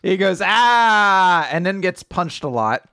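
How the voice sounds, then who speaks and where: A young man co-hosts a casual podcast, recapping a comic chapter with a lively, swooping delivery. His voice sits fairly high and is recorded dry and close. He slips in corny puns as he goes. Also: normal speed, vocal fry, no room sound. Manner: jokey, animated storytelling with corny puns. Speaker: podcast co-host. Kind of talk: casual manga recap chat.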